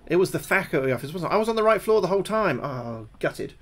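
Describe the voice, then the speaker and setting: A man commentates live on a horror game, chatting to viewers between bursts of panic. His voice sits a little high, he swears often, and he yelps when something jumps out at him. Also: fast. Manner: excitable, swears a lot, yelps when scared. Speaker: streamer.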